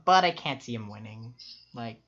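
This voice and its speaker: A man co-hosting a casual chat, talking quickly with lots of fillers and laughs. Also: medium pitch, animated, pushed and bright. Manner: quick, upbeat, laughs often, many fillers. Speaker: co-host ranking players. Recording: muffled lo-fi audio.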